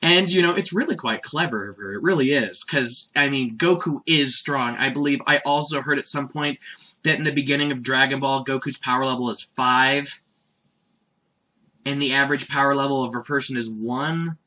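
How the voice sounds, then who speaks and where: A man's voice: mid-range voice, moderate pace, pushed and bright. A man casually recapping an anime episode in a rambling, chatty way, laughing often. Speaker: anime reviewer.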